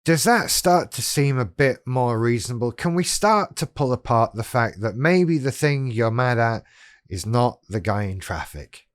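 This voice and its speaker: A man speaks slowly and deliberately, addressing the viewer directly as host of his own channel. His tone is wry and self-deprecating. The sound is close and dry, with no room echo. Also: medium pitch, animated. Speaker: YouTube channel host on living with BPD. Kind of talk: casual direct-to-camera talk.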